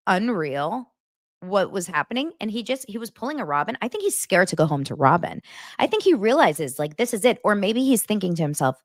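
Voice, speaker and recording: Chatty woman recapping with a lively voice. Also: medium pitch, a little fast, no echo, studio quality. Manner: chatty, fills with "like". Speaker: podcast host. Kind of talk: casual reality-TV recap.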